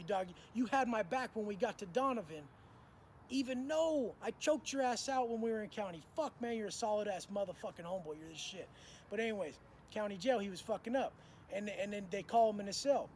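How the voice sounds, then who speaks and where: A man recounts prison life in a casual storytelling monologue, using profane street slang and acting out what people said. His high voice is fairly quick and a little mellow, with slight background noise.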